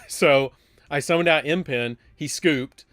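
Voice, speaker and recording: A man's voice: a little high, slow, a bit bright, no echo. A man casually chatting while streaming a card game live, rambling and breaking into surprised exclamations.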